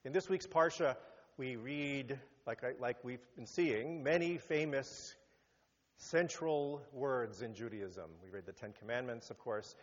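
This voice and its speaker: A rabbi giving a sermon, animated, rising to emphatic peaks and then dropping low. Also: male voice, measured pace. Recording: muffled sound with long hall reverb.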